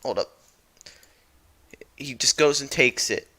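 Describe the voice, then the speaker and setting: A man's voice: mid-range voice, slow, pushed and bright. Rambling, playful young male YouTuber. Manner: rambling, playful, self-correcting. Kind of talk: joking story recap.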